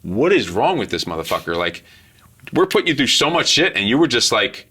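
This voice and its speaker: A man's voice: mid-range voice, husky. A man, a former Marine instructor, interviewing a graduate in a casual, profane, storytelling way. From United States. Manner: profane, storytelling, fast and animated.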